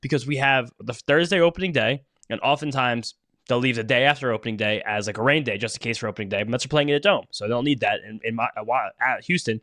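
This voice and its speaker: A man's voice: mid-range voice, fast, sharp tone, no room sound, clean studio sound. A man co-hosting a casual podcast, talking in long, rambling runs and swearing now and then. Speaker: podcast co-host. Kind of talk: casual chat.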